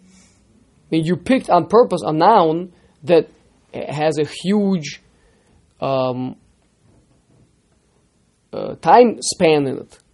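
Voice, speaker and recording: A man teaching a text study class, lively, firing rhetorical questions at his students and repeating words as he starts sentences. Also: on the high side, extremely slow, pauses often. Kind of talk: interactive text lesson.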